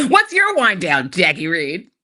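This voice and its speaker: Woman, podcast host, bright voice, lively pitch, self-mocking and jokey. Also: a little slow. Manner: self-mocking, joking, laughs often. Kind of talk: casual chat.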